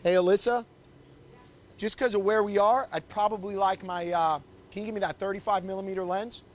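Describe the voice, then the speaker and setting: Male photographer-instructor, high-pitched, encouraging, keeps directing poses on a body mic. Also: fairly even intonation, a little fast. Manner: upbeat, coaxing, directs the couple constantly. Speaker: wedding photographer teaching. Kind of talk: live posing demonstration. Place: confined indoor shooting space.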